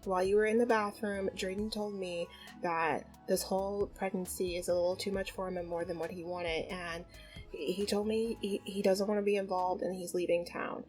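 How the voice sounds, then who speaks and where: A woman's voice: mid-range voice, steady tone, normal speed, darkish tone, soft background music, natural voice, low-quality recording. A woman voicing a protective, scheming mother who issues blunt threats in a life-sim story. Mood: soothing. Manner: threatening, bossy.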